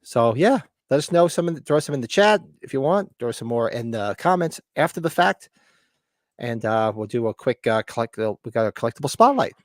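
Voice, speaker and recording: A middle-aged man co-hosting a podcast in loose, casual chat. His pitch jumps around a lot as he laughs and talks through tangents. The sound is dry and close, with almost no room. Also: a little fast, dry recording. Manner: animated, laughing, trails into tangents. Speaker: podcast co-host.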